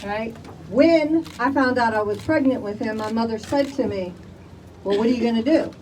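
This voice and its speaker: An older woman from Chicago gives impassioned testimony at an outdoor gathering, pressing each point on the crowd. Her voice sits a little high, and she is caught from some distance, with faint street and crowd noise behind her. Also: normal speed, darkish tone. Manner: emphatic, rallies the crowd with "all right?". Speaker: speaker at a community rally.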